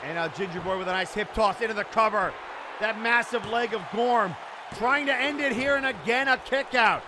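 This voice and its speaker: A man calling a wrestling match play by play, often breaking into excited shouts. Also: high voice, normal speed. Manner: excitable, shouting during big moments. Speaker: wrestling commentator. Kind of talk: play-by-play commentary. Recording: crowd and loud background noise.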